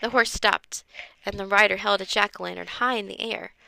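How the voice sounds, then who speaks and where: Woman reader, children's book, bright, gravelly, dry close sound. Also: medium pitch, steady tone, fairly quick. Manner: acts out character voices. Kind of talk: reading a children's book aloud.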